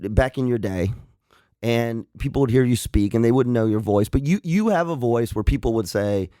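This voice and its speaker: A man's voice: mid-range voice, moderate pace, warm tone, dry recording, clean studio sound. A man who is a psychologist, co-hosting a radio show and asking rambling, probing questions. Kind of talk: casual chat.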